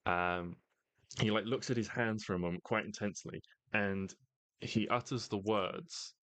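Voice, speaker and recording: Man, game master, low voice, dry close sound, halting delivery. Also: fairly bright tone, dry recording. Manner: halting, full of fillers and restarts. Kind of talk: narrating a tabletop game.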